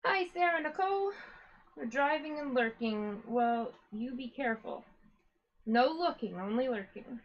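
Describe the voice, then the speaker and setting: A woman's voice: fairly high pitch, unhurried, dull audio. A woman hosting a yarn-dyeing live stream, chatting casually, greeting viewers one by one and a little out of breath. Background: a dog whining now and then.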